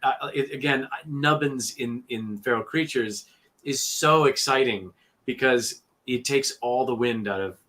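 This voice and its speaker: Man, audiobook narrator, animated, bright, forceful voice, video call. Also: mid-range voice, a little slow. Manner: animated, warm-hearted, restarts often. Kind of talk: casual conversation on a livestream.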